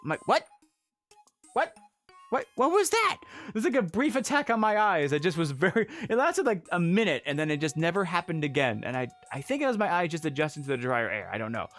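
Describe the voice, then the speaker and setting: A man's voice: a little high, very animated, fast, few pauses, a bit bright, faint music behind. A man casually telling a travel story on a livestream, laughing often and breaking off to answer chat.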